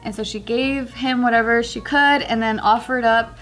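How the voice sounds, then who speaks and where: A woman's voice: on the high side, fairly even intonation, normal speed, a bit bright, faint music behind. Chatty woman host recapping news. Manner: chatty storytelling. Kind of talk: news recap in a comedy podcast.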